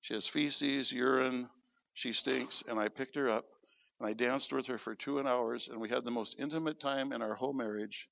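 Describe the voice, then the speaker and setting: A man delivers sermon storytelling in church, recounting something from his own life and acting out each line of dialogue with animation. His voice is medium in pitch and creaky, at a moderate pace. No echo is present, though the audio is dull and lo-fi.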